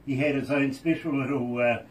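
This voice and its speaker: A man's voice: mid-range voice, steady tone, fairly quick, distant mic, poor audio. A man hosting a radio interview, chatting casually and joking, laughing often, in a radio studio. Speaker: radio host.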